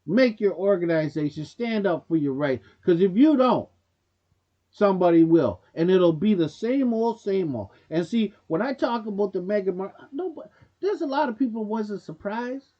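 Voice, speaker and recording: A man's voice: high-pitched, lively intonation, normal speed, dull audio. A man hosting a commentary show, giving a blunt, preachy opinion monologue straight to viewers in loose casual speech. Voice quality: casual speech with dropped grammar.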